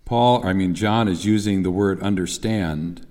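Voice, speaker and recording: A man's voice: low-pitched, unhurried, darkish tone, in a large hall. A man preaching a sermon in a conversational way, at times reciting lines with emphasis. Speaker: pastor.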